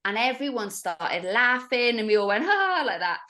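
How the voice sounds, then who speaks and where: A woman's voice: medium pitch, normal speed. A woman, a podcast guest, telling a story in casual chat and acting out the voices of other people. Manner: animated, acts out the voices of others.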